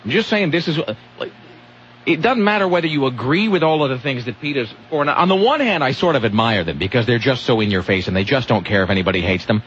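A man's voice: medium pitch, expressive, fast talker, fairly bright tone, highs cut off, slight background noise. A man hosting a comedic talk radio show, rambling and sarcastic, often cutting himself off mid-sentence. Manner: sarcastic, rambling, self-interrupting.

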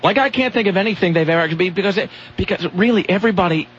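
A man's voice: sits high, very fast, highs cut off, slight background noise. A man hosting a comedic talk radio show, rambling and sarcastic, often cutting himself off mid-sentence. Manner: sarcastic, rambling, self-interrupting.

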